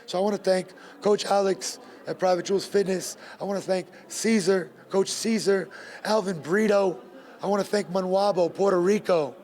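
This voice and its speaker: A man's voice: high-pitched, steady tone, moderate pace, darkish tone. A man, a bare knuckle fighter, talking emphatically in a post-fight interview and repeating his points. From Gloucester, Massachusetts.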